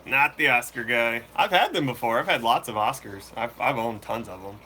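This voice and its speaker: A man hosting a fishkeeping channel, chatting casually and answering viewer questions live in a relaxed, slangy way. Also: mid-range voice, moderate pace, slight background noise. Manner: laid-back, slangy, chatty. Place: room full of fish tanks.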